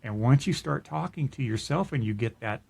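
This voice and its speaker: A man's voice: medium pitch, lively intonation, moderate pace, vocal fry, darkish tone, slightly rough. A middle-aged man tells a personal story on a podcast in a mid-range voice. He talks earnestly and reflectively, often stopping to restart a phrase. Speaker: podcast co-host. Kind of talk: personal storytelling in casual chat.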